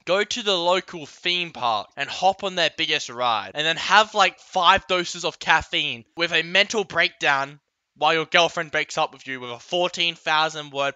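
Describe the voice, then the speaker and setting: Comedic vlogger, male, slightly high voice, dry close sound, over-the-top ranting. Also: sharp tone, no echo. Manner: exaggerated, ranting, yelps and outbursts. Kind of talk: comedic rant vlog.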